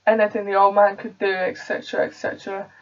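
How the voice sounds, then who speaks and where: A woman's voice: medium pitch, little pitch movement, fast talker. Young woman performing a monologue, from far off. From England. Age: young adult. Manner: conversational storytelling with sudden loud outbursts. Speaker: theatre student. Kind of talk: solo dramatic monologue performance. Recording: dull, distant home recording.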